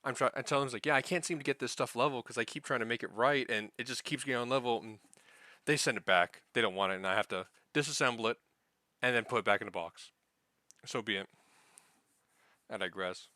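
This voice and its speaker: Young man, casual profane storyteller, bright crisp voice, dry close sound. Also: mid-range voice, fast, no echo. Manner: rambling, profane, acts out others' lines. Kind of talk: casual spoken anecdote.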